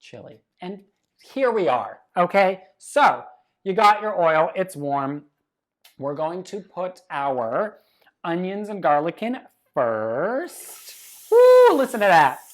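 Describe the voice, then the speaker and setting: Woman cooking show host, low voice, brash, sweary, teasing. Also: big pitch swings, takes it slowly. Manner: brash, swears freely, teasing insults at viewers. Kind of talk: casual cooking demonstration.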